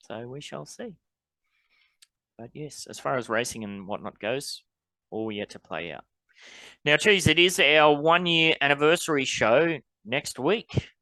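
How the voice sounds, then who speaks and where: A man with an Australian accent, co-hosting a podcast and rambling along in an easy, wry manner. His voice is bright, and the recording is dry and close. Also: medium pitch, no echo. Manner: laid-back, rambling, wry. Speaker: podcast co-host. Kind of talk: casual chat.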